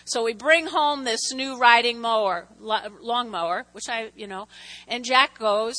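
A middle-aged woman telling personal stories in a church talk, animated, with restarts and asides. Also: fairly high pitch, unhurried. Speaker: church speaker.

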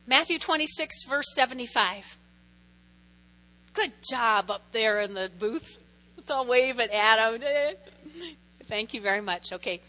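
A woman's voice: a little high, a little slow, pushed and bright. A woman pastor preaching a sermon in a chatty way, often checking in with her listeners. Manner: chatty, keeps checking in with the audience.

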